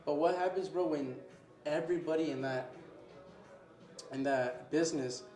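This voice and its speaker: A man's voice: fairly high pitch, moderate pace, a little mellow, roomy sound, soft background music. A young man who owns a restaurant, talking casually in an interview. He says "bro" a lot and acts out little scenes with customers. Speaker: restaurant owner. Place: his restaurant.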